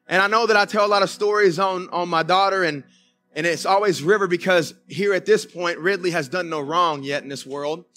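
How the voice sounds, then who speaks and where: Man, Southern US accent, pastor's sermon, folksy, high-pitched, bright, soft music underneath. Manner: folksy storytelling with asides to the congregation. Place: church sanctuary.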